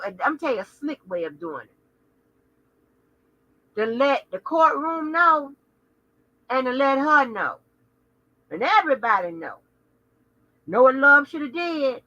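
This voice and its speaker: Sassy woman host, bright lo-fi voice. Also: sits high, no room sound. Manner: sassy and profane, with animated asides. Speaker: channel host. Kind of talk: casual livestream commentary, chatting with viewers.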